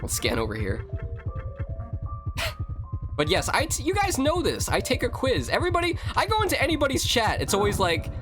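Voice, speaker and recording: A man streaming a horror game live, rambling and reacting loudly, chatting with viewers as he plays. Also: extremely high pitch, moderate pace, pauses often, over music. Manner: animated, rambling, reading chat, exclamatory. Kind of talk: casual live-stream commentary.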